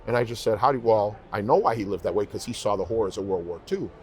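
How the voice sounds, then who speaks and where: A man's voice: on the low side, fast talker. A man, a guest in an interview, telling heartfelt stories in casual conversation and repeating phrases for emphasis. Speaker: interview guest, professional singer.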